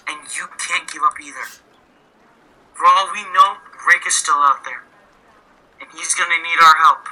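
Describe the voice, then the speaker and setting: A man's voice: on the high side, normal speed, sharp tone. A man playing an earnest grieving crewmate. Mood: firm. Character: earnest man consoling his captain over his dead brother. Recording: phone-like lo-fi line.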